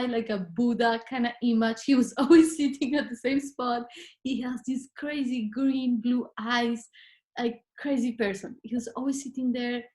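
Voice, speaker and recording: A woman, a podcast guest, telling a personal story in casual conversation and acting out what she said back then. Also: a little high. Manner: animated, acts out her own past words.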